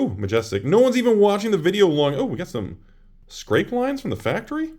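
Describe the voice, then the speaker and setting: A man hosting a casual trading card box-opening video, chatty and prone to loud exclamations. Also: a little high, big pitch swings, fast talker.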